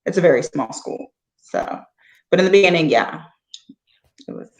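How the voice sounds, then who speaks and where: A woman's voice: on the low side, lively intonation, moderate pace, reverberant. A young adult woman co-hosting a casual chat, telling candid stories and acting out the people she quotes. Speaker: co-host.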